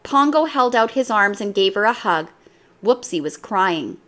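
A woman reading a children's storybook aloud in an expressive, lively way. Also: mid-range voice, unhurried.

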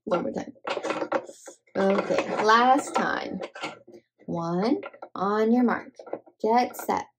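A woman hosting children's toy play, talking to toddlers in a gentle, sing-song, encouraging way. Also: medium pitch, very slow, noisy background. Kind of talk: playful narration to toddlers.

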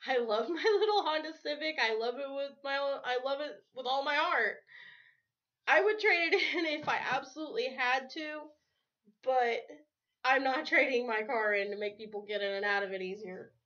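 A woman's voice: high voice, normal speed, sharp tone. Chatty woman vlogging on a lo-fi recording. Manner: chatty, laughs often between words. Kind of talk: casual rambling vlog chat. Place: at home. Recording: dull lo-fi home recording.

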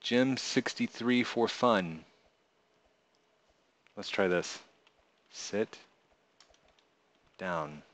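In an easygoing stream, a man who creates games reads messages from his viewers out loud and answers with playful humor, frequently breaking into laughter. He speaks slowly and unhurriedly in a lowish voice.

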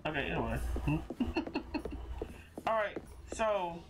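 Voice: mid-range voice, slow pace. Laughing, cursing game streamer. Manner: talks to self and chat, laughs often, curses when frustrated. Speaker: streamer playing a cooking game. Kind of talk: casual game stream commentary. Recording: clicking and steady noise behind.

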